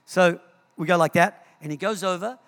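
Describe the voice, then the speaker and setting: A man preaching a sermon in a church, telling stories in an animated way and repeating words as he acts scenes out. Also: high-pitched, moderate pace. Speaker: pastor. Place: church hall. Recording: long hall reverb.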